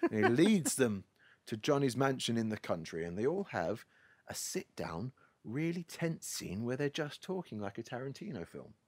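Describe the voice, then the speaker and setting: A man's voice: mid-range voice, very animated, normal speed, a little mellow, no echo. A man hosting a podcast, wryly recapping a film plot in a casual, storytelling way. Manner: wry, storytelling. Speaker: podcast host.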